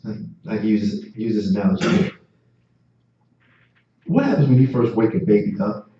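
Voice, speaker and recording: A man's voice: on the low side, big pitch swings, moderate pace, dark tone, a little hiss or hum. Man, teacher-preacher, fervent and repetitive; distant, roomy lo-fi sound. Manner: impassioned, repetitive, stammering restarts. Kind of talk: street-preaching class sermon. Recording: distant, echoey, dull lo-fi.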